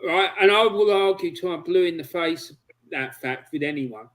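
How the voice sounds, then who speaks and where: A man's voice: on the high side, normal speed, a bit bright, low-quality recording. A man hosting a football chat, speaking passionately and indignantly about his club. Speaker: show host. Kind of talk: opinionated chat.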